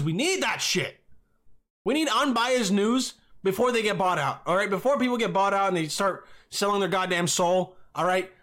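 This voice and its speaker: A young man hosting a solo podcast, rambling and swearing, with bursts of yelling. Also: high-pitched. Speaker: podcast host.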